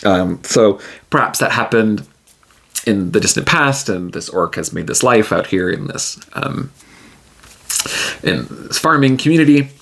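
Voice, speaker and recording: A man's voice: fairly low pitch, lively intonation, unhurried, vocal fry, a bit bright. A man narrating and playing a solo tabletop game, thinking aloud casually with plenty of fillers.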